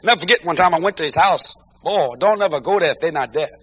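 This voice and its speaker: A man preaching a comic storytelling sermon, animated and bursting into shouted exclamations between praise interjections. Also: on the high side, fast talker, husky. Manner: peppers talk with praise interjections.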